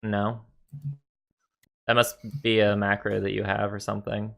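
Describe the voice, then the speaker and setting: A man's voice: on the low side, level tone, a little slow, vocal fry, fairly bright tone. A man narrating as game master in a casual, rambling way with many fillers. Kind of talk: narrating a tabletop game over voice chat.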